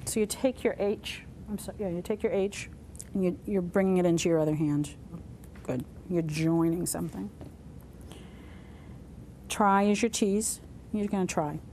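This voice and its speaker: A woman's voice: lowish voice, normal speed, long pauses, dark tone, slight background noise. A woman teaching a sign language class, patiently talking through each sign as she shows it. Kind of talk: classroom instruction. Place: community center classroom.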